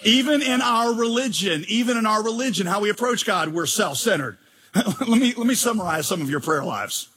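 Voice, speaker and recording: Bright, husky-voiced male preacher. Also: high voice, animated, normal speed. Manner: emphatic, joking, rhetorical questions. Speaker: pastor. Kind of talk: sermon.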